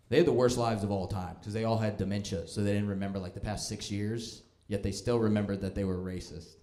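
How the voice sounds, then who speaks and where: A man's voice: fairly low pitch, steady tone, fast, hardly any pauses, mellow. A young man doing a stand-up comedy set, with a dry, self-deprecating and mocking delivery. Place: comedy club stage. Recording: echoey club room.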